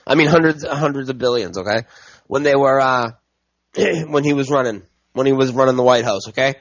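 A man's voice: medium pitch, moderate pace, no echo, highs cut off. A man ranting angrily to his viewers about politics, swearing and repeating himself. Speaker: political commentator.

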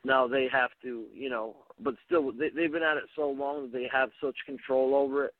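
A man, himself a radio host, talking casually as a guest, halting and full of "you know" and restarts. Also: mid-range voice, steady tone, dry recording. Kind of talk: casual call-in conversation. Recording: tinny phone line.

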